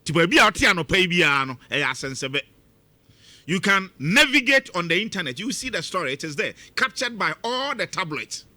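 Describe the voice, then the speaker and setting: Emphatic, lively Ghanaian man on radio. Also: high-pitched, moderate pace, no room sound. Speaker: radio host. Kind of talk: radio commentary. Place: radio studio.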